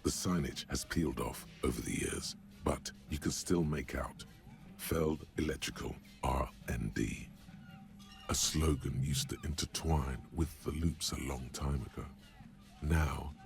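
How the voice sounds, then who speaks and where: A grave, gravelly game narrator, his voice sitting extremely low with a rough fry. He describes scenes in a measured, dryly wry way, with faint music behind him. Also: full character voice.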